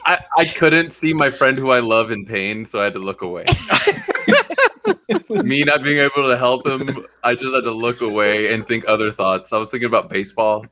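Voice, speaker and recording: A man's voice: medium pitch, moderate pace, noisy background. A man joking animatedly on a comedy podcast. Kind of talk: casual comedy chat.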